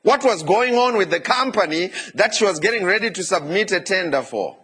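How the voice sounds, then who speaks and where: Husky-voiced pastor preaching a lively sermon. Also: male voice, high voice, brisk. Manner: lively preaching with asides to the congregation.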